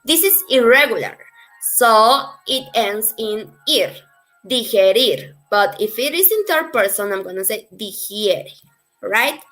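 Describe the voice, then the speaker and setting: Woman teacher, slow n patient, bright high-ish voice, soft music behind. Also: lively intonation. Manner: patient, repeats phrases slowly for learners. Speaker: Spanish teacher. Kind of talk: slow explanatory language lesson.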